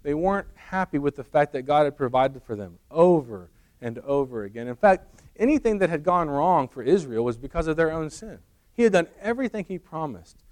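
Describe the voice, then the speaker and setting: A man's voice: a little high, lively intonation, brisk, a little mellow. A man preaching a sermon as pastor, in a conversational, lightly humorous storytelling way.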